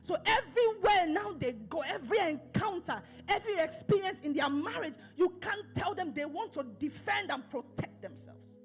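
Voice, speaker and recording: A woman's voice: very high voice, animated, normal speed, hardly any pauses, faint music behind. A woman pastor preaching an emphatic sermon, repeating phrases and asking her listeners questions.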